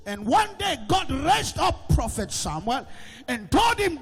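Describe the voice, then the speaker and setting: A man with a Nigerian accent preaching a sermon in a church with a gallery, shouting in a sing-song way and asking the congregation whether they hear him. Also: extremely high pitch, big pitch swings, unhurried, vocal fry, big-room sound.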